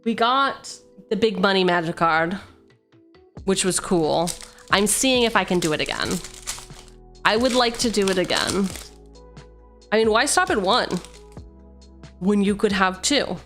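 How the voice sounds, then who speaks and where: A woman's voice: medium pitch, animated, a little slow, long pauses, fairly bright tone, faint music behind. A young adult woman chatting playfully on a livestream, reading card text aloud and joking with her viewers. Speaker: streamer. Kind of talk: casual card-opening livestream chat.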